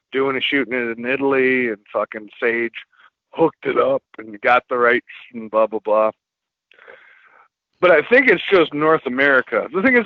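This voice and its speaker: A man chatting casually on a podcast as a film distributor guest, rambling and swearing a lot as he tells animated stories. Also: medium pitch, no echo. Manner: profane, rambling, animated storytelling. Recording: muffled lo-fi podcast audio.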